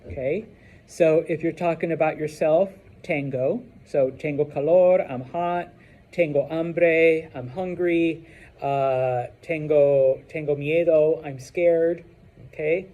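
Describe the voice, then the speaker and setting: A man teaching a Spanish class in a classroom, chatty and relaxed, checking in with "okay?" again and again. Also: a little high, slow. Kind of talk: classroom lesson.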